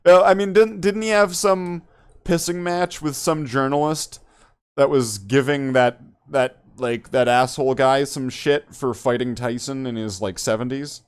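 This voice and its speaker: A man's voice: mid-range voice, steady tone, a little slow, smooth. A man hosting a podcast in casual chat, rambling and joking, swearing freely. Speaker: podcast host.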